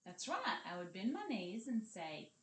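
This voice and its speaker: Kindergarten teacher, woman, unhurried and lively in pitch, whispering some words, recorded in a roomy space. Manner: slow, encouraging, sing-song teacher voice with whispered parts. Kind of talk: kindergarten literacy lesson. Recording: echoey room.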